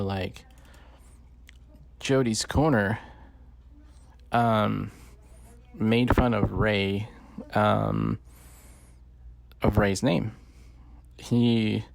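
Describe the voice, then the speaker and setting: A man's voice: on the low side, vocal fry, dry recording. A man giving casual, rambling commentary full of swearing and fillers. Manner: profane, rambling, many fillers. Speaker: podcast host. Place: lives in the Bay Area.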